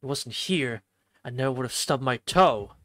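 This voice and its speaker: Expressive streamer reading a visual novel. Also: mid-range voice, normal speed, dry recording. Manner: expressive, jokey asides. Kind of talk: reading a visual novel aloud with live commentary.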